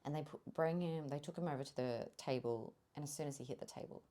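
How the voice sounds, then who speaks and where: A young woman telling her birth story as a podcast guest, candid and animated, swearing freely and often laughing. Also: sits low, fast talker. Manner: animated, swears freely, laughs often, drops to a whisper when quoting herself.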